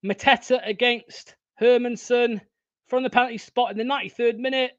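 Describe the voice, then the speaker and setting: A young man hosting a live football watchalong, swearing often and swinging from excited shouting to deflated muttering. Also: very high voice, a little fast, smooth, no echo, highs cut off. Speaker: fan watchalong host.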